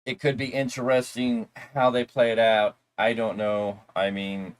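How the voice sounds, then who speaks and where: A man's voice: mid-range voice, level tone, a little slow. A man co-hosting a wrestling review show, recapping the episode in a rambling, casual way with loose asides.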